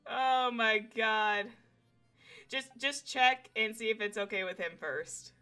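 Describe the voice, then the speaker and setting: A young woman streams a game from home into a desk mic. She has a high, bright voice and an unhurried pace between bursts of excitement. She swears freely and keeps up a running chat with her viewers. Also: soft background music.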